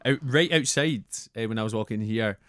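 Animated Scottish podcast host. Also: male voice, mid-range voice, brisk, dry recording, clean studio sound. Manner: animated, sweary anecdotes. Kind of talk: casual chat, storytelling.

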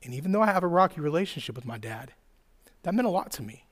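A man in his thirties preaching to a church crowd in a loose, conversational way, leaning on "like" and "right?". His voice sits a bit high for a man. He moves from hushed, soft passages to bursts of loud, excited storytelling. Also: fast talker. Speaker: youth pastor. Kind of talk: sermon. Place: church hall with live audience.

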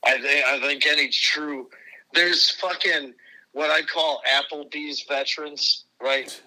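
As a podcast guest, a middle-aged American man delivers a furious, profane rant, swearing constantly and repeatedly asking "right?" to push for agreement. His very bright, tense voice sits fairly high, with a steady tone and slow delivery, on a rough recording.

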